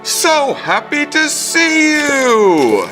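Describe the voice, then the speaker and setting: A man's voice: extremely high pitch, very animated, extremely slow, bright, forceful tone, faint music behind, pitched above the performer's own voice, heavily acted. A man doing a gushing, squealing alien being. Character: overjoyed alien hologram city being.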